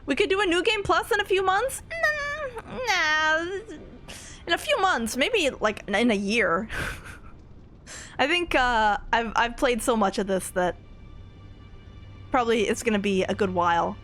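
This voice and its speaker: A young woman streamer chats loosely with her viewers, giggling often and trailing off into restarts. Her voice is high and swings widely in pitch, with faint music playing behind her. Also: lively intonation, unhurried, pauses often, a bit bright. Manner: chatty, giggly, rambling with restarts. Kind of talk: casual chat with stream chat.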